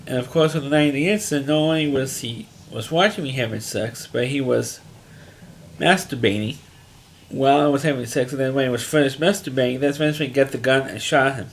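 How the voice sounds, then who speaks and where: A man recaps a TV episode casually and briskly in a medium-pitched voice, over a little hiss or hum. His monologue rambles, with plain speech, lots of fillers, and frequently restarted sentences.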